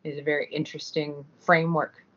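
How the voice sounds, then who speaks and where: Canadian-raised actress, measured and articulate. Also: female voice, deep voice, level tone, a bit bright, lo-fi sound. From Vancouver, British Columbia. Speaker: actress guest. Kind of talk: interview answers.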